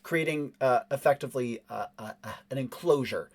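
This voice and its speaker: A man's voice: medium pitch, brisk. A man narrating as game master in a tabletop role-playing game, describing the scene with fillers and restarts.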